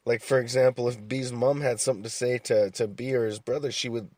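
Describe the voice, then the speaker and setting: A young man telling stories in a calm, laid-back way, full of swearing and restarts. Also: medium pitch, fairly quick, no room sound. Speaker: podcast host. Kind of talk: casual monologue.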